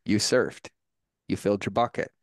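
Male podcast guest, low register, animated and emphatic delivery, dry close recording. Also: dry recording. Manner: animated storyteller, quick and emphatic. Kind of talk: casual conversation.

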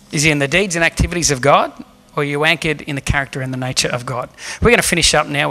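Bright-voiced male preacher. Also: a little high. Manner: earnest, emphatic preaching with rhetorical questions. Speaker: pastor. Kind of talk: sermon. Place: church hall.

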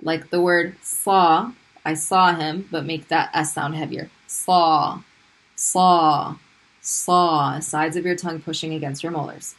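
A woman's voice: sits low, level tone, moderate pace, fairly bright tone, rough recording. A woman teaching Arabic pronunciation in a recorded video lesson, patiently repeating each sound for drilling.

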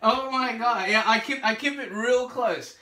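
A man's voice: very high voice, a little slow, a little hiss or hum. Laughing man in an echoey room. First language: not English. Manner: laughs often, animated retelling. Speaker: podcast host. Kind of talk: casual conversation on a video call.

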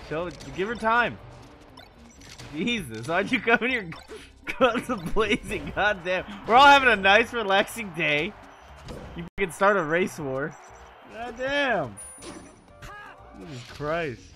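A man's voice: sits high, sing-song, takes it slowly, pauses often, sharp tone, faint music behind. A man streaming live in casual chat, profane and teasing, laughing often between lines.

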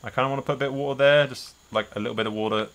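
A man's voice: medium pitch, fairly even intonation, very fast, a little hiss or hum. A man doing casual let's-play commentary, thinking aloud and swearing often. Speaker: gameplay host.

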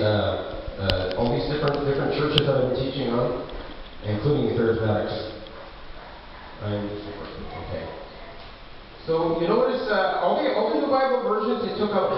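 A high-pitched, animated man preaches a rambling sermon, his voice leaping up and down. He sounds far from the mic, with long reverb filling a big hall. The sound is muffled, with faint noise behind. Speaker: pastor. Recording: echoey hall from afar, muffled.

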